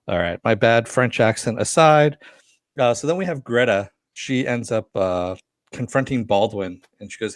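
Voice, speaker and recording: A man's voice: lowish voice, a little fast, dry recording, clean studio sound. Laid-back man chatting on a podcast. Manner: laughs often, reads out viewer comments, swears casually. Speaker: podcast co-host. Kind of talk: casual chat reviewing a TV episode.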